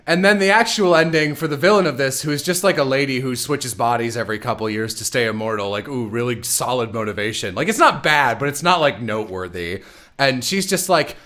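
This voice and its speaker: A man's voice: medium pitch, animated, fairly quick, fairly bright tone. A man hosting a stream, casually recapping a plot in a sarcastic, rambling way with some swearing. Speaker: stream host. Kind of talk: casual chat.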